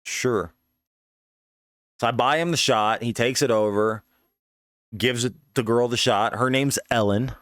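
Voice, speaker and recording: A young male podcast host rambles through a profane story in a casual way, piling on fillers like "you know what I mean" and plenty of asides. His voice is mid-range and a bit bright, at a moderate pace. It's recorded close on the mic with no room sound.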